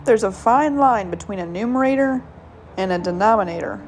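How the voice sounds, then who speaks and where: Over soft background music, a podcast host reads jokes on her casual solo show, giggling frequently and tripping over punchlines. Her mid-range voice is expressive and brisk.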